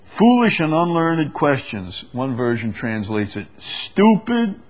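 A man leading a conversational Bible study, reading verses slowly and with weight, then explaining them with easy laughs. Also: medium pitch. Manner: animated, stresses quoted verses slowly, laughs often. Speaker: Bible teacher.

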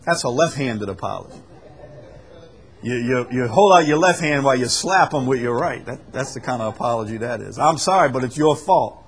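A man's voice: mid-range voice, animated, brisk, slight background noise. A male pastor preaching a sermon, earnest, repeating words as he explains scripture. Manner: earnest, repeats words, acts out quoted apologies.

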